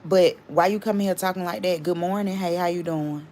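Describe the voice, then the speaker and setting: A woman's voice: fairly low pitch, fairly even intonation, normal speed, warm tone, slight background noise. Chatty woman livestream host. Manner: chatty, rambling, greets and thanks viewers. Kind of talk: casual livestream chat.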